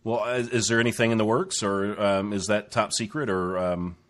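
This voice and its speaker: A man hosting a casual interview, eager and excited, often stopping and restarting his questions. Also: on the low side. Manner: eager, halting with many restarts. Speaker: host.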